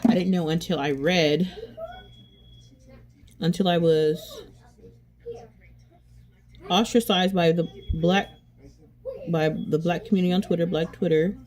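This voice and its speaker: A woman's voice: fairly low pitch, big pitch swings, measured pace, long pauses, darkish tone. A woman chatting casually while doing her makeup, rambling and candid, often restarting and repeating herself, with frequent swearing. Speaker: beauty vlogger.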